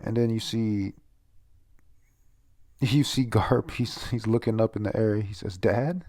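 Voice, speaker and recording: Low gravelly man rambling through a review. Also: steady tone, a little slow, mellow. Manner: rambling, stumbles over names, laughs often, swears. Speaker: manga chapter reviewer. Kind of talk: casual chapter review read-aloud.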